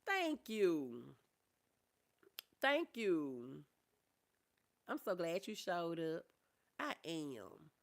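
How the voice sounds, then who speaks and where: Middle-aged woman streamer, chatty and affectionate with viewers, open and gentle about loss. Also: lowish voice, sing-song, extremely slow, pauses often. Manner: reads viewer comments aloud and answers them warmly; calls listeners honey and y'all. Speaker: livestreamer. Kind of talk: casual livestream chat.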